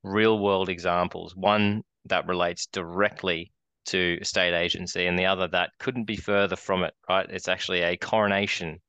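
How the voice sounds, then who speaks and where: Aussie podcast co-host, low monotone, smooth dry voice, rambling anecdote style. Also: male voice, moderate pace, dry recording. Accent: Australian. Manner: rambling storyteller, many restarts and fillers. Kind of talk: casual chat.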